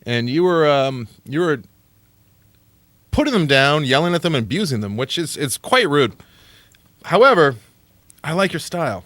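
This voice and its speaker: Sarcastic, animated male radio host. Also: on the high side, normal speed, pauses often, no room sound. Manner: animated, sarcastic, cursing freely. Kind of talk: late-night radio aftershow chat. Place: radio studio.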